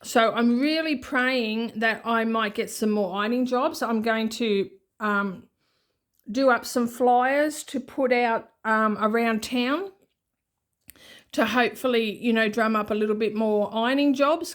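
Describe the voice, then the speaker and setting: Chatty Australian woman with a higher voice. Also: measured pace. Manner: rambling, chatty, restarts and asides. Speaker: budgeting vlogger. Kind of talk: unscripted casual vlog chat.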